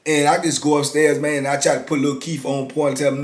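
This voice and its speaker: A man in his fifties casually telling a story from his past in a laid-back, drawn-out way, often dropping "man" into his sentences. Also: on the high side, little pitch movement. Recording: roomy echo.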